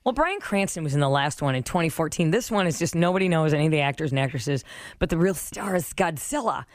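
A man co-hosting a podcast in casual, teasing chat, animated and jokey. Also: a little high, fast, dry recording, studio quality. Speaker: podcast co-host.

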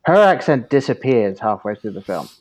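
A man's voice: mid-range voice, big pitch swings, moderate pace, a little mellow. A man guesting on a podcast, chiming in mildly and hesitantly on a film review. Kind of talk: casual film review chat.

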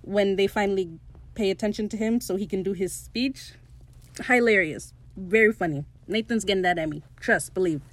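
A woman's voice: medium pitch, normal speed. A woman hosting a podcast, casually retelling a comedy episode with lots of laughter and quoted lines. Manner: animated storytelling, quotes characters in put-on voices, laughs often. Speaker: podcast host recapping a TV episode. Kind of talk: casual chat.

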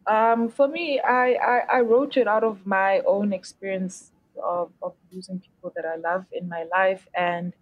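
A woman singer from South Africa's Eastern Cape talks as a guest in a relaxed interview. She is frank and blunt, laughing easily at her own dark humor. Her voice sits in a middle pitch and is recorded dry and close. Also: a little slow, hardly any pauses, no echo, dull audio. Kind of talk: casual interview chat.

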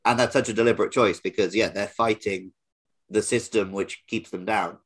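A man hosting a casual podcast discussion, making points in a relaxed way with frequent fillers. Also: lowish voice, normal speed, breathy edge. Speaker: podcast host.

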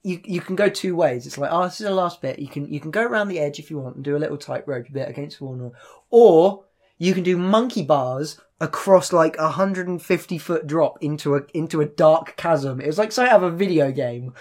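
A man's voice: on the high side, a little fast. A young man in his twenties, a podcast host, telling a story in casual chat, swearing often and tripping over his words. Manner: animated storytelling, swears a lot, stumbles and repeats.

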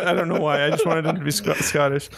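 A man hosting a casual group chat, reading out questions slowly with frequent fillers and pauses. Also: on the high side, steady tone, gravelly, a bit bright. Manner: slow, halting, with frequent fillers. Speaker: podcast host reading questions.

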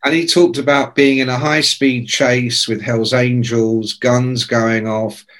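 A man's voice: mid-range voice, slow pace. A man in his sixties telling rambling, sweary anecdotes in casual conversation and acting out the people he quotes. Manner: animated, sweary, acts out quoted voices. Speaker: guest. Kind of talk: casual storytelling.

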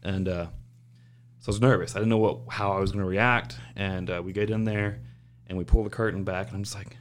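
A man casually telling an animated, profane story about his old job, acting out other people's lines as he goes. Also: deep voice, a little fast, a little hiss or hum. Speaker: guest recounting work stories.

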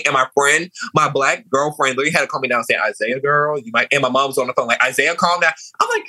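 Sassy young man, bright and husky. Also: a little high, fast, few pauses, no room sound, poor audio. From New Orleans. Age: young adult. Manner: animated, sassy, expressive. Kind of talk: casual storytelling chat.

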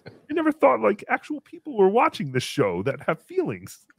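Man doing a green puppet creature, high squeaky voice, wildly bouncing pitch, crude, giggly, third person talk, dry close sound. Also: wildly swooping pitch, normal speed, vocal fry, slightly rough, dry recording, exaggerated voice. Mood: cheeky. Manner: brash, giggly, talks about himself in third person. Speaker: puppet host reading donations. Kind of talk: comedy livestream puppet act.

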